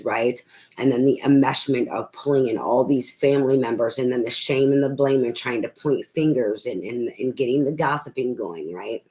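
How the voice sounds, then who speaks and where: A woman's voice: very deep voice, normal speed, darkish tone, low-quality recording. Blunt, swearing middle-aged woman venting. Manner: blunt, swears often, emphatic, many restarts. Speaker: tarot reader. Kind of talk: emotional personal venting monologue.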